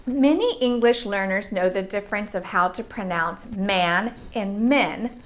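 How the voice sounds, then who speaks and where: An American woman teaching English pronunciation, slowly modeling and repeating example words. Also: medium pitch. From United States.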